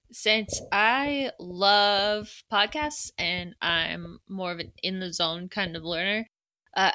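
Bright-voiced woman reading true crime. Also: mid-range voice. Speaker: podcast co-host.

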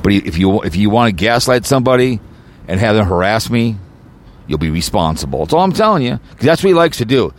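A man's voice: on the low side, very animated, a little fast, slight background noise. A man hosting his own podcast, delivering an agitated, rambling rant full of repeats and stumbling restarts. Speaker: podcast host.

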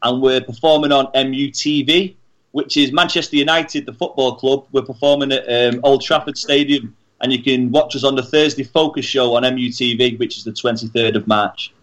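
A man's voice: mid-range voice, fairly even intonation, a little fast, fairly bright tone. A man from England, a guest musician answering interview questions in an easygoing, laid-back way. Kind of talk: casual radio interview.

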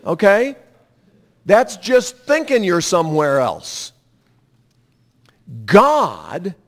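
A man's voice: high-pitched, huge pitch swings, takes it slowly, long pauses. A man preaching a sermon, emphatic and drawing the congregation into repeating lines after him. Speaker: pastor.

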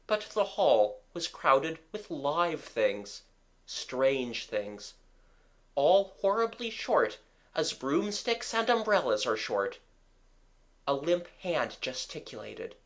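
An audiobook reader giving scripted narration with expressive, lively storytelling. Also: mid-range voice, takes it slowly.

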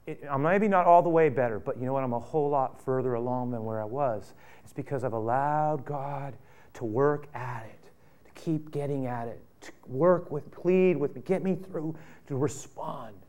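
Male pastor, sermon, mid-pitched voice, impassioned, swings from loud bursts to quiet asides. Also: normal speed. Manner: impassioned, repetitive, with rhetorical questions.

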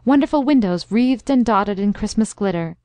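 A woman narrating a classic story in a steady, even storytelling voice. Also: medium pitch, normal speed, dry recording. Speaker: audiobook narrator.

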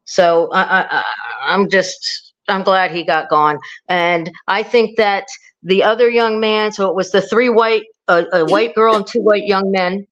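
A middle-aged woman, a podcast guest, telling a story in a rambling casual way, with many restarts and animated quotes. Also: mid-range voice, measured pace, lo-fi sound.

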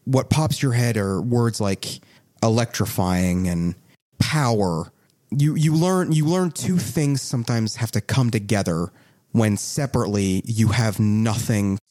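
A man's voice: on the low side, measured pace, darkish tone. A man narrating as game master in a tabletop game, joking and rambling with restarts.

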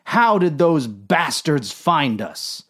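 Casting: a man as a ponderous old-school captain, slow and swooping. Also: on the high side, sing-song, fairly bright tone, slightly rough, full character voice. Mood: solemn. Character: solemn middle-aged male submarine captain.

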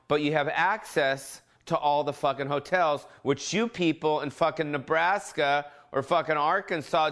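This podcast host is a man with a mid-range, clean voice. Ranting casually from home, he swears heavily, stays animated, and suddenly breaks into mock voices.

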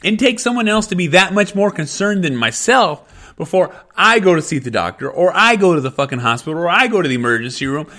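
A man's voice: high voice, sharp tone. A man, ranting angrily and swearing heavily as a parent venting to the camera. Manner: heated, profane, repetitive. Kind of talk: angry profane rant.

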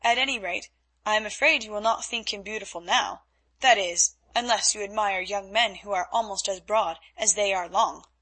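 A woman's voice: mid-range voice, moderate pace, pushed and bright, poor audio. A woman playing a vain young gallant. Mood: wry. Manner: pompous, languid.

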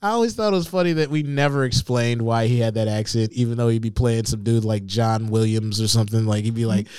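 A man chatting casually as podcast co-host, sarcastic and quick to laugh. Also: medium pitch, smooth, no room sound, studio quality. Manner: animated, laughs often, sarcastic riffing. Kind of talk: casual chat.

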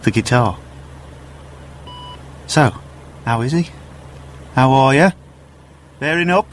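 An actor as a breezy, matey would-be musician. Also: male voice, mid-range voice, takes it slowly, slight background noise, lightly acted. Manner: matey, breezy, dodging questions. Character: cheery man going by a stage name, a would-be musician. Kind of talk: audio drama acting.

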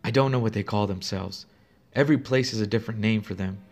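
Scared female nurse voiced by a male narrator, trembling and hushed, soft music behind. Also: fairly low pitch, quick pace, natural voice. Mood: fearful hushed. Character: frightened female nurse, urgent and secretive.

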